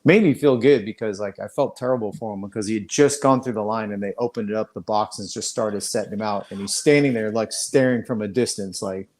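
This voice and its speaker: Low-voiced man telling a rambling story. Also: a little fast, hardly any pauses, a little mellow. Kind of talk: casual chat. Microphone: video call.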